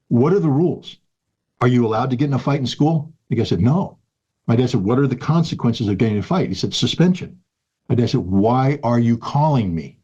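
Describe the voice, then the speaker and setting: A man's voice: mid-range voice, darkish tone, breathy edge, muffled recording. A man in his sixties in an interview, telling a personal story in an earnest, emphatic way and repeating key phrases. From United States. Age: 60s. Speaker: guest.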